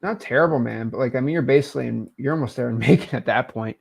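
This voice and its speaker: A man in his twenties, a coach hosting a live call, relaxed and teasing, with plenty of fillers. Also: medium pitch, fast, vocal fry, slightly rough. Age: 20s. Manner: laid-back, teasing, with many fillers.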